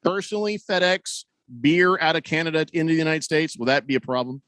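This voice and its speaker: Fast and fairly bright, the man's slightly high voice comes through a studio broadcast mic with a dry sound. He hosts a sports radio show, chatting casually and reading listener messages in a wry, rambling manner full of self-corrections.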